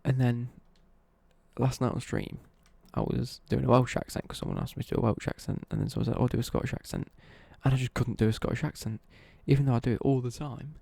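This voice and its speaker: Gravelly, dark-voiced young man. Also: medium pitch, lively intonation, fast talker, no room sound. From East Midlands, England. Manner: rambling, chatty, with swearing and self-corrections. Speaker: live streamer. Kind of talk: casual live-stream chat, answering viewer questions.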